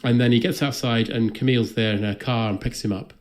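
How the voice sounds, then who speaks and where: A male podcast host recapping a film with dry, sardonic humour. His voice sits at an ordinary middle pitch, and he tells the plot plainly with deadpan jabs. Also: fast talker.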